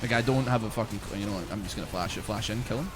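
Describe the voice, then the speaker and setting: A young man from Glasgow with a softened Scottish accent, chatting casually and profanely on a game stream, with lots of "like" and "man". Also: lowish voice, racing, noisy background. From Glasgow, Scotland. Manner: rambling, profane, full of "like" and "man". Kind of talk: casual live-stream chat while gaming.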